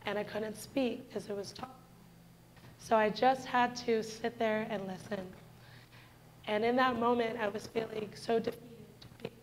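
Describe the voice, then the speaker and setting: In a church, a woman in her twenties shares a heartfelt personal testimony, addressing the congregation earnestly and directly. Her voice is on the high side, and the audio is poor with slight background noise.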